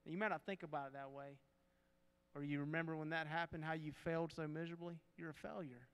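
A man giving an earnest devotional talk as a counselor, speaking straight to his listeners and dropping low and soft on key points. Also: little pitch movement, fast talker, clear, resonant tone. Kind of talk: sermon. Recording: long hall reverb.

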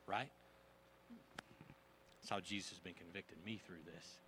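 A man preaching a sermon in a conversational, animated way, using casual slang. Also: sits low, measured pace, a little hiss or hum. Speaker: pastor.

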